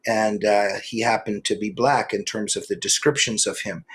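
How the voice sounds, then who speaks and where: A middle-aged man, an author interviewed as a guest, telling animated stories with many quick restarts. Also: on the low side, husky. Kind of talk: political interview.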